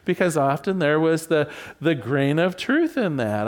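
Gentle, lively-pitched male teacher. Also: unhurried. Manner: gentle and earnest, acts out sample phrases softly; chuckles often, asks the group for agreement. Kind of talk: teaching a class on relationships.

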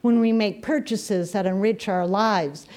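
A woman minister giving a sermon, telling stories with gentle humor. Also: medium pitch, measured pace.

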